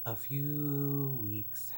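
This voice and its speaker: A man's voice: medium pitch, drawn-out words, mellow, slight background noise. A man telling a personal story to his phone camera in a casual, rambling way, full of "like" fillers and acting out the voices of the people in it. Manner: rambling, lots of "like" fillers, acts out voices in stories. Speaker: vlogger.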